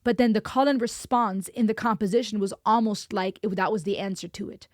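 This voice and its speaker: A woman's voice: mid-range voice, fairly quick, darkish tone, no room sound, clean studio sound. A woman hosting a music reaction video, talking in an earnest, impassioned way and repeating lines for emphasis. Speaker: music reaction channel host.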